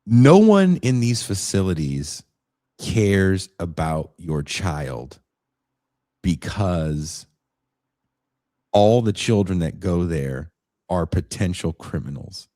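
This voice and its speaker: A man with a deep, low voice tells a story in casual podcast chat, animated and blunt, with the odd curse. The sound is dry and close, with no room around it. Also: slow, long pauses, dry recording. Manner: animated retelling with swearing and acted quotes. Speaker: podcast co-host.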